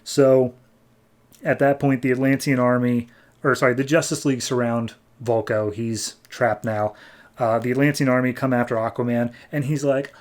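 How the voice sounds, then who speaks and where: Casual American man recapping comics. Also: mid-range voice. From United States. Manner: animated retelling, voicing characters in quick bursts. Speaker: podcast host reviewing comics.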